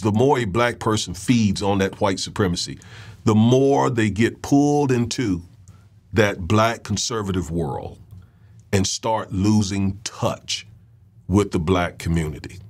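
A man's voice: fairly low pitch, darkish tone. A man hosting a political commentary show, talking in a loose conversational monologue, often repeating words and checking in with his listeners.

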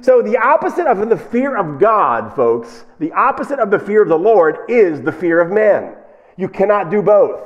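A man preaching a sermon, lively and animated, who acts out the people in the story in raised voices as he reads and explains scripture. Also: a little high, dull audio. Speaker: pastor.

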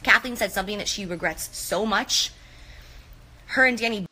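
A woman's voice: medium pitch, moderate pace, sharp tone, husky. A woman in an apology clip, rambling and flustered, repeating herself as she talks outdoors. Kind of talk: emotional apology video.

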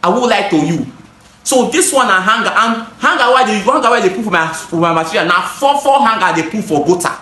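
His high voice is animated, a little fast, bright, and forceful, with a roomy sound. A gutter installer and seller with a Nigerian accent, he casually pitches his products to the camera, emphatic and repetitive, shifting into pidgin.

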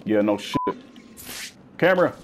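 A man giving casual, slangy let's-play commentary, swinging between high yelps and low growls. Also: measured pace. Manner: animated, slangy, swings into high-pitched bits and deep growls. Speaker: gaming YouTuber.

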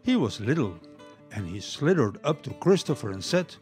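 An older man whose first language is Dutch, reading a children's story aloud to listeners in an expressive way. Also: medium pitch, moderate pace, faint music behind. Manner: lively, expressive, warm read-aloud.

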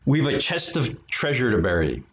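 A man voicing a loud, blustering male pirate captain with a hearty, booming manner. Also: sing-song, normal speed, roomy sound, slight background noise. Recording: dull lo-fi recording.

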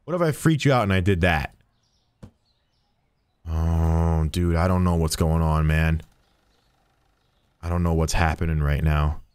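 A man's voice: rumbling low, a little slow, long pauses, darkish tone, clean tone, dry recording. A man streaming a game live, talking to the characters as a shopkeeper in a jokey, swearing way. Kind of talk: live gameplay commentary.

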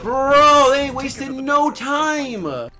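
Excitable young man reacting, bright voice. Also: very high voice, slow pace. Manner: excitable, slangy, laughs often. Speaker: reaction video host. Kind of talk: casual reaction commentary.

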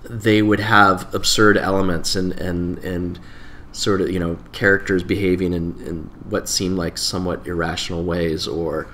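A man's voice: low voice, little pitch movement, moderate pace, few pauses, fairly bright tone, slight background noise. A man in his forties, a guest on an interview podcast, recounting stories in a rambling, self-correcting way. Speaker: improv director and teacher, podcast guest. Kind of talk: casual conversational interview.

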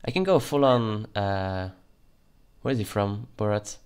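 Man, let's play commentary, slow delivery, joking fake russian guard voice, mutters while reading. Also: fairly low pitch, a little mellow. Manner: playful put-on Russian-style border guard voice. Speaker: gaming channel host.

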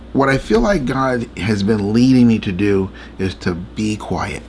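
Guy with a gravelly voice, earnest late night faith chat, faint hum behind. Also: lowish voice. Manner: earnest, repetitive, confiding. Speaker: faith vlogger and co-host.

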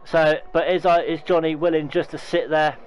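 A man commentating a sim racing league, excitable, correcting himself often, and losing his voice. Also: a little high, lo-fi sound, slight background noise. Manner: excitable, talks fast with restarts and self-corrections. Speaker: race commentator.

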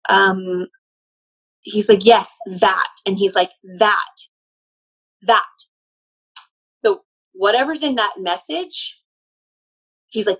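A woman's voice: mid-range voice, slow pace, pauses often, a bit bright, lo-fi sound. A woman working as a medium, relaying messages in a casual, emphatic way. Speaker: medium channeling a spirit. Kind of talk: casual spoken channeling session.

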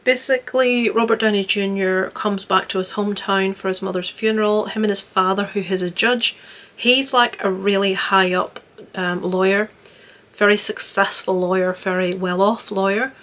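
This young vlogger reviews films she's seen in a loose, rambling chat, earnestly circling back and restarting frequently. Her voice is medium-pitched and fairly bright, with fairly even intonation at a normal speed.

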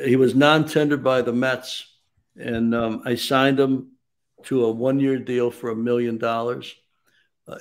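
Man, 60s, baseball front-office guest on sports radio; unhurried storyteller who leans on fillers, mid-pitched. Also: darkish tone. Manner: measured storyteller, frequent "um" and "you know".

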